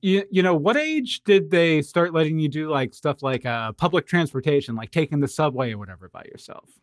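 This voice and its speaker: Man hosting a relaxed interview. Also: a little high, a little fast, dry recording, studio quality. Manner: relaxed questioning, laughs along. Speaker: podcast host. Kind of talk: casual interview chat.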